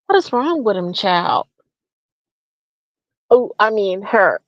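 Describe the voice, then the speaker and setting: Woman host, comedic rant; sneering, profane, slow delivery, dull lo-fi sound. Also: medium pitch, sing-song, no room sound. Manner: mocking, profane, full of rhetorical questions. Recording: dull lo-fi recording.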